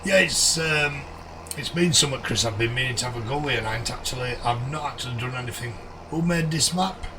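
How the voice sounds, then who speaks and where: Chummy man streaming a game, slightly hoarse. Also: mid-range voice, brisk, distant mic, background noise. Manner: chummy, greets viewers by name. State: voice going a bit hoarse. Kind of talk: live game stream, reading chat.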